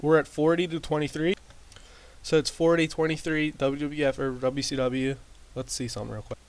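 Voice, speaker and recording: A man casually recapping his wrestling sim game in a rambling way, with lots of fillers and restarts, talking into a desk mic turned up loud. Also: on the high side, little pitch movement, normal speed. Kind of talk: casual commentary over gameplay. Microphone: desk mic with boosted gain.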